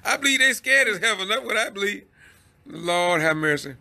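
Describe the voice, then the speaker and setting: Southern georgia guy on facebook live, kinda high voice, exhorting folks, laughs in exasperation. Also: lively intonation, normal speed, vocal fry, sharp tone. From Georgia, USA. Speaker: citizen news host.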